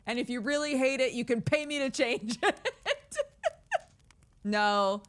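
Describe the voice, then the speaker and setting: A woman's voice: fairly high pitch, clean tone. Giggly woman streamer reading aloud. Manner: giggly, self-deprecating asides between measured reading. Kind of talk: livestream read-aloud with chat asides.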